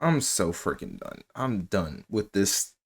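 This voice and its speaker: A man's voice: lowish voice, sing-song, slow, background noise. A man giving a sarcastic, exasperated comedic recap of a horror film, often laughing at it. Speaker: film reviewer. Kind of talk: comedic movie recap commentary.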